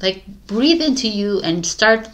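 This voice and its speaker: A woman giving a casual tarot reading to camera, coaching her viewers in an animated way and laughing often. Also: medium pitch, a little slow. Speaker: tarot reader.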